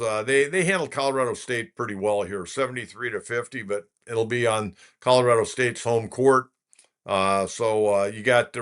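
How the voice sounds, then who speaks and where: A man's voice: medium pitch, a bit bright, clear, resonant tone. Rambling older man hosting sports talk. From California. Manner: folksy, rambling storyteller with many filler uhs. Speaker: sports radio host. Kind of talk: casual sports talk show.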